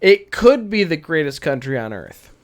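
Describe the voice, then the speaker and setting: A man's voice: on the high side, big pitch swings, moderate pace, a crowd in the background. A man co-hosting a livestream podcast, jokey and playful, tossing in mock dramatic lines. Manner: jokey, throws in mock quotes and pirate calls. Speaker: podcast co-host. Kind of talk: casual livestream chat.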